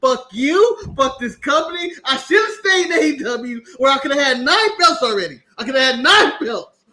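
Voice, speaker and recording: A man's voice: very high-pitched, lively intonation, normal speed, bright, forceful tone, full character voice. A man with an American accent playing a furious woman wrestler, ranting at her boss in a profane, indignant tirade.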